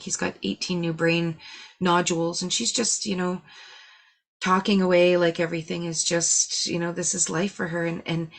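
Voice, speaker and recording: Gravelly-voiced woman spiritual teacher. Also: on the low side. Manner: earnest, animated storytelling with many restarts. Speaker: spiritual teacher hosting a session. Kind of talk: casual spiritual talk.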